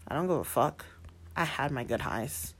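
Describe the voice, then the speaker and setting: A woman's voice: a bass voice, expressive, normal speed, husky. A woman of twenty-nine, a single mother, venting in a defiant monologue full of swearing and repetition, slipping between English and Spanish. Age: 20s. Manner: heavy swearing, defiant, repeats herself.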